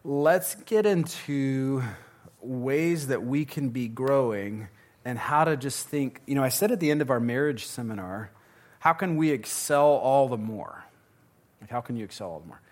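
A man's voice: mid-range voice, unhurried, darkish tone. A man in his thirties giving a casual, earnest parenting seminar to a live audience, joking now and then. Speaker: pastor teaching a parenting seminar.

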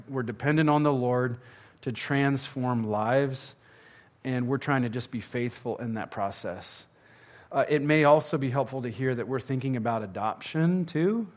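A man in his thirties giving a casual, earnest parenting seminar to a live audience, joking now and then. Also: medium pitch. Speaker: pastor teaching a parenting seminar.

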